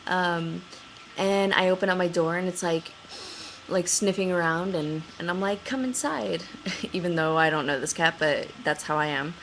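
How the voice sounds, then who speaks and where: A young woman chats straight to the camera, piling on fillers and jumping up high whenever she replays her own panic. Her voice sits a little low for a woman, with a faint hiss of noise behind it. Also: moderate pace, rough recording. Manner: chatty, excitable, many fillers, acts out her own panicked quotes in a higher voice. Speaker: vlogger. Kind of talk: casual storytelling to camera.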